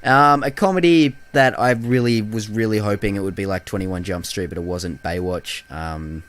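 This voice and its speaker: A young man co-hosting a podcast, chatting casually about bad films, swearing freely, filling pauses with ums and mocking quotes in silly voices. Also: fairly low pitch, fairly bright tone, slight background noise. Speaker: podcast co-host. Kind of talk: casual film review chat.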